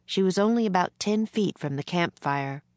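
Low voiced woman reading a kids story slow and gentle, dry close sound. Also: animated, no room sound. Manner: slow, gentle read-aloud pacing. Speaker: narrator.

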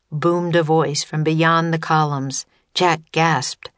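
A woman reading a children's chapter book aloud as narrator, measured and even, close to the mic. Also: deep voice, no room sound. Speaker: audiobook narrator. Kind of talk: scripted narration.

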